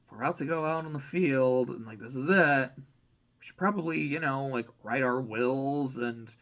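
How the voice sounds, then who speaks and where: A young man giving a casual, excitable book reaction, rambling and swearing freely. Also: medium pitch, moderate pace, rough recording. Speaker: reaction channel host.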